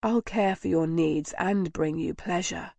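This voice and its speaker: Woman voicing a soft-spoken commanding nobleman. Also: on the low side, a little slow, gravelly, no room sound. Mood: low, intimate. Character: male nobleman lover, tender and commanding.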